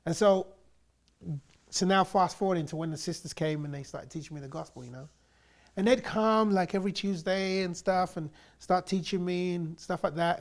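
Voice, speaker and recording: Gravelly man telling his conversion story. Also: sits high. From England. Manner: animated retelling with voiced quotes. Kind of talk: personal testimony storytelling.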